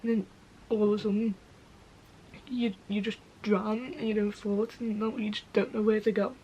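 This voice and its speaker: Warm-toned and medium-pitched, with flat delivery at normal speed, a young woman vlogs casually to camera, frank and sweary, tearful with a breaking voice, frequently asking "do you know what I mean." It's a low-quality recording carrying a little hiss or hum.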